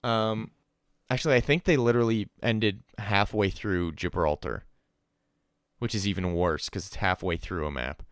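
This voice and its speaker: A young podcast host with a smooth, resonant, low voice, talking in a loose, chatty way and mimicking people in quick put-on voices. The sound is dry and close, with no room echo. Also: male voice. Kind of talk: casual esports podcast chat. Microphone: call recording with a remote co-host.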